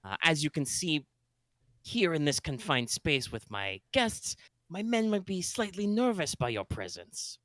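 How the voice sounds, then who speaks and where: A man's voice: fairly high pitch, very animated, quick pace, no room sound, voice pushed up. Guy doing a smug courteous tabletop villain, vague euro-ish accent, dry close mic. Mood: menacing. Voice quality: vague put-on space European accent. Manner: pompous, overly courteous. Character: suave male villain holding hostages, mock-polite.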